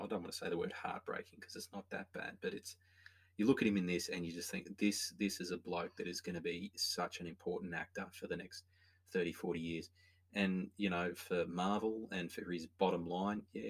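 A man's voice: sits low, breathy edge. An opinionated man, chatting casually as a podcast co-host about a film, rambling with many restarts. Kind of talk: casual film review chat.

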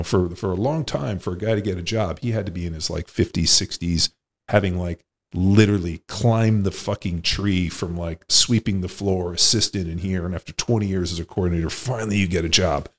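A man with a very low voice hosts a podcast in loose, casual conversation. He speaks bluntly, swears a lot and wanders through his points with plenty of restarts. His tone is that of a former player telling it straight. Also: brisk. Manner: blunt, profane, rambling.

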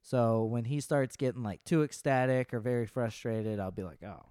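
A man's voice: medium pitch, normal speed, dark tone, clear, resonant tone, no room sound, clean studio sound. A man in his late twenties, co-hosting a podcast in casual, rambling chat and laughing often. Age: late 20s. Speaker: podcast co-host.

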